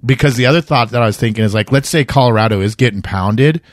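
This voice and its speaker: A man's voice: medium pitch, fast, no room sound, studio quality. A middle-aged man co-hosting a sports betting podcast, chatting casually and animatedly, acting out quotes. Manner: animated, jokey, acts out quotes. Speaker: podcast co-host giving betting picks.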